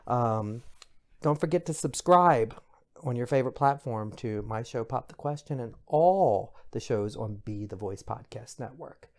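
A middle-aged man hosting a podcast, chatting in a gossipy, expressive way with bursts of high exclamation. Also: measured pace. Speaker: podcast host. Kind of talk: casual pop culture commentary.

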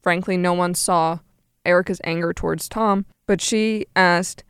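Young woman podcast cohost, smooth clear voice, dry close sound, gets animated. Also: fairly low pitch, a little slow, no room sound. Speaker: podcast co-host. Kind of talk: casual chat recapping a reality show.

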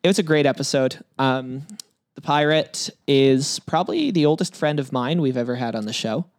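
A man's voice: medium pitch, moderate pace, dry recording, studio quality. A man co-hosting a podcast in casual, joking chat, rambling with plenty of fillers. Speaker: podcast co-host.

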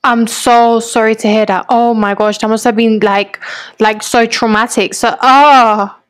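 A woman's voice: fairly high pitch, fairly even intonation, a little slow. A woman podcast host chatting casually, responding to her guest with sympathy and encouragement. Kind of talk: casual interview chat.

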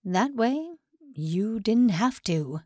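A woman's voice: mid-range voice, sing-song, drawn-out words, dark tone, no echo, clean studio sound, exaggerated voice. A woman narrator voicing a stern, cold male general who talks curtly and dismissively. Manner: curt, dismissive, unmoved.

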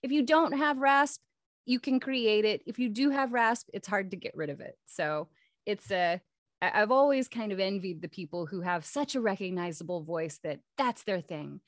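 A woman voice actor chatting casually in an interview, telling stories in a lively way. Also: mid-range voice, normal speed, dry recording. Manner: chatty and storytelling. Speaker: voice actor guest.

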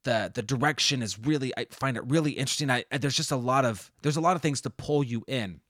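A man's voice: medium pitch, fast, a bit bright, no echo, studio quality. A man co-hosting a film review podcast, chatting casually and rambling with many restarts. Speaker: podcast co-host.

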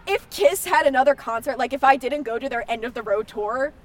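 A woman's voice: high-pitched, fairly quick, a little hiss or hum. A nineteen-year-old woman guesting on a podcast, talking with gushing enthusiasm and lots of "like". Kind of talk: casual podcast chat.

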